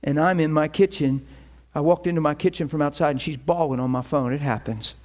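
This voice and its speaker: Through animated sermon storytelling, a man with a slightly high voice speaks briskly and performs the voices of the characters he quotes.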